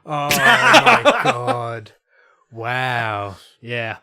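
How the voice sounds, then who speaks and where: A man's voice: mid-range voice, sing-song, very slow, bright, forceful tone, smooth, dry recording, clean studio sound. A young man, a podcast guest, telling stories in a casual chat with easy laughs. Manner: storytelling, laughs into impressions.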